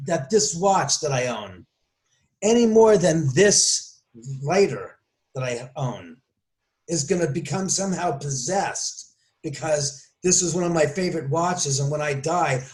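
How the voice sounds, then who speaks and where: High-voiced man arguing his point. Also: low-quality recording. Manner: forceful, argumentative, lecturing. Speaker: paranormal guest. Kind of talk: emphatic podcast talk.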